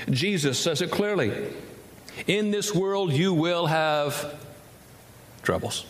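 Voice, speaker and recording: A male pastor preaching a sermon, emphatic and repetitive, with wide swings between low and high delivery. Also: expressive, takes it slowly, long pauses. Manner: emphatic, repeats words for effect, wide swings in pitch. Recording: echoey hall, faint ambience.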